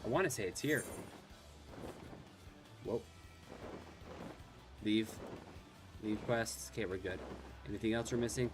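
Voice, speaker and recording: A man's voice: lowish voice, measured pace, long pauses, music in the background. Chatty male game streamer. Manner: chatty, thinking aloud, self-correcting. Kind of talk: casual gameplay commentary.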